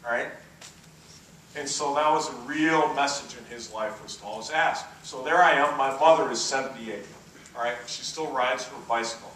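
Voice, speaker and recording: Bright-voiced man speaking in an echoey hall. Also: mid-range voice, normal speed, far from the mic, slight background noise. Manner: anecdotal storyteller, checks in with the audience. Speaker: keynote speaker. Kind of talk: conference keynote speech. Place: conference hall.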